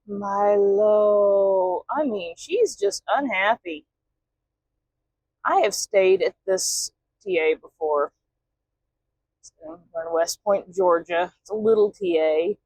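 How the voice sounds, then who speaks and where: Slow-talking woman trucker chatting. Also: lowish voice, expressive, darkish tone, no echo, low-quality recording. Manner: chatty, talks to her cat. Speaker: truck driver vlogger. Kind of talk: casual vlog chat. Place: inside a truck cab.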